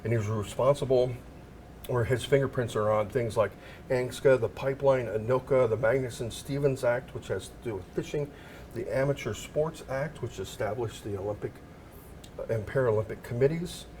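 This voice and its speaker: A man who works as a news photographer, telling a lively anecdote in a casual chat on a TV news segment. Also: medium pitch, moderate pace, a little hiss or hum. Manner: animated anecdote teller, acts out quoted voices. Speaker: news photographer and history storyteller. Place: TV news studio.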